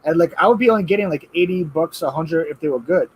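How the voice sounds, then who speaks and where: Excitable man hosting a live stream. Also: fairly high pitch, quick pace, slight background noise, rough recording. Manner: chatty, gets loud and excited reading viewer donations. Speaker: livestream host. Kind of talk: casual chat.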